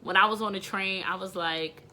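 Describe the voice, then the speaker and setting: A young woman and mother talking to camera in a candid vlog, rambling and emotional, with hushed asides and loud outbursts. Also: mid-range voice, steady tone, moderate pace, slight background noise. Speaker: vlogger and mother.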